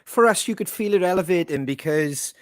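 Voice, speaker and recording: A man chats on a band's podcast, slightly high-pitched and recorded close and dry. He tells stories animatedly, swearing freely. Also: a little fast, dry recording. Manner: swearing, animated storytelling with impressions. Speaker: band member co-hosting podcast. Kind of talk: casual chat.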